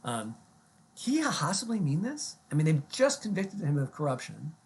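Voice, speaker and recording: A man's voice: on the high side, wildly swooping pitch, moderate pace, husky. A man giving a recorded online lecture in a conversational way, with many ums and rhetorical questions.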